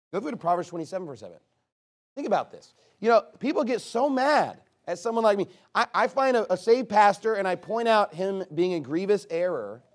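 A man preaching from the pulpit with a high, animated voice that swoops up and down. He is emphatic, pressing his points and rising to loud, forceful passages. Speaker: pastor. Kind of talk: sermon.

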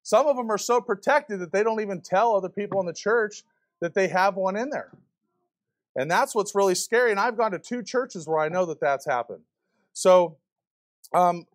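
A man preaching a fiery sermon to a church congregation, firing rhetorical questions at the pews. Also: high voice. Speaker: visiting preacher.

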